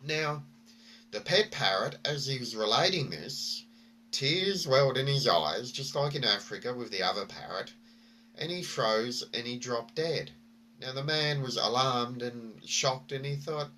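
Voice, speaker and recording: A man's voice: medium pitch, lively intonation, a little slow, sharp tone, slight background noise. Rambling man vlogging. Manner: rambling, many fillers and restarts. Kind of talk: casual storytelling and reflection.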